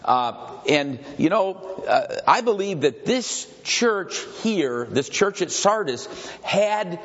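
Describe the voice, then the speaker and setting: A man's voice: high-pitched, very animated, slow. An older man from Michigan preaching a conversational sermon, rambling and digressive, repeating himself and asking the congregation questions. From Grand Rapids, Michigan. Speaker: pastor leading a Bible study. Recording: dull recording with long hall reverb.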